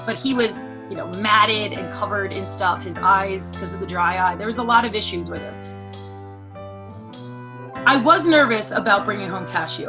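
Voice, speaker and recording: Earnest woman telling an adoption story. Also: medium pitch. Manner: earnest, conversational, with many fillers. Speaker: dog adopter giving a testimonial. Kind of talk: personal testimonial. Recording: music playing behind the voice.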